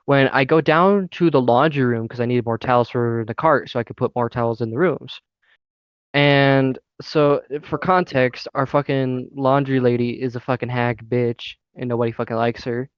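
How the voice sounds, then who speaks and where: Young man, profane heated storytelling, smooth voice, dry dull recording. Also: mid-range voice, dry recording. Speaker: podcast co-host. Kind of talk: casual storytelling.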